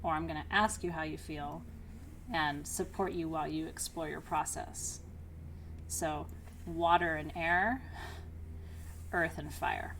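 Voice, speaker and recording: A middle-aged woman teaching a class, energetic and outgoing, who laughs often and keeps checking in with her listeners. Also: sits low, a little slow, pauses often, slight background noise. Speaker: spiritual teacher leading an online class. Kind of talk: teaching a live class to students.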